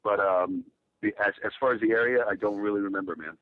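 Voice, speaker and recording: A man's voice: fairly low pitch, fast talker, no echo, phone-quality sound. A man from the United States, a guest in a casual interview, telling stories in a laid-back, rambling way.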